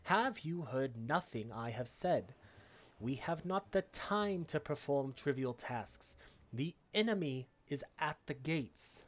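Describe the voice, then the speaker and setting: Here is a resolute female mage who talks in slow, formal, earnest lines, as a man puts her on. The pitch sits mid-range, and the recording is dull and lo-fi. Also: expressive. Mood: defiant. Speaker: streamer reading game dialogue.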